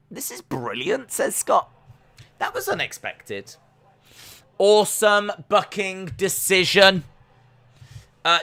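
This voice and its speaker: A man's voice: a little high, sharp tone. A man chatting his way through a live watch-along. He talks in a jokey, rambling way. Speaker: streamer reacting to wrestling.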